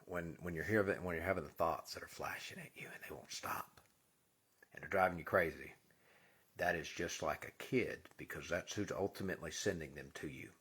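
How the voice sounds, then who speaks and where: Male host, husky low voice, earnest spiritual monologue, drops to whispers for emphasis. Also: moderate pace, fairly bright tone.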